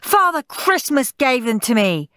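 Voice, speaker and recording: A woman doing a gleeful, loud mischievous boy. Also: high-pitched, big pitch swings, unhurried, smooth, no room sound, studio quality, pitched above the performer's own voice, heavily acted.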